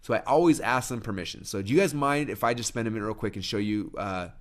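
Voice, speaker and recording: A man presenting a sales training talk to an audience. He speaks energetically, often restarts his sentences, and says he talks fast. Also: fairly low pitch. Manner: rapid-fire, energetic, frequent restarts. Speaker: marketing trainer.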